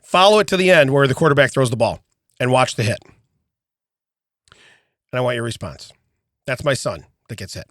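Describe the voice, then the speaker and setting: A middle-aged man co-hosting a podcast, telling an animated story in casual chat, often checking in with "okay?" and restarting his sentences. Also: medium pitch, moderate pace, long pauses, dry recording, clean studio sound. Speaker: podcast co-host.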